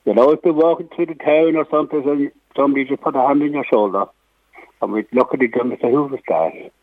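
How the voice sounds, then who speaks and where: A man speaks as a radio guest over a tinny phone line. He talks quickly and conversationally at a middle pitch. The sound is thin and dry. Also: dry recording.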